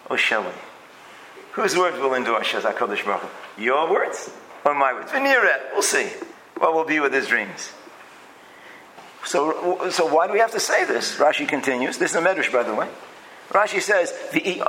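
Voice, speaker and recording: High, bright-voiced man teaching Torah. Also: slight background noise, low-quality recording. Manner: emphatic, repeats phrases while building a point; acts out quoted speech in changed voices. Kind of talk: lecture-style Torah class.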